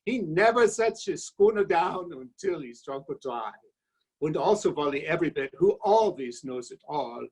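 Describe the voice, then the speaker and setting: A man's voice: on the high side, lively intonation, normal speed, a little mellow, slightly rough, low-quality recording. A man reciting a rhymed comic toast in a put-on German accent, voicing a jolly, homesick exile in a hearty, sing-song way. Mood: boisterous.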